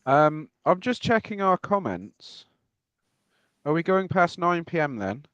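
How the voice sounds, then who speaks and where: A man's voice: on the high side, very animated, a little slow, fairly bright tone, smooth, no room sound. A man hosting a live football podcast stream, chatting casually and reading out viewer comments. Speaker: podcast host.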